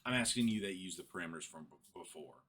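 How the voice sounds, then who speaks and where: A man's voice: deep voice, expressive, racing, a bit bright. A young man recounting a frustrating chat in a casual rant, exasperated and building to laughing frustration. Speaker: vlogger. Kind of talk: casual screen-recorded rant.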